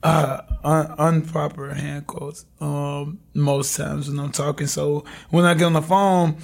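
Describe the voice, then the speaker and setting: Young guy on a podcast, raspy gravelly voice, laughs a lot telling stories. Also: fairly high pitch, unhurried. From Chicago. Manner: laid-back, laughing, animated storytelling. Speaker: podcast guest. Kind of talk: casual conversation.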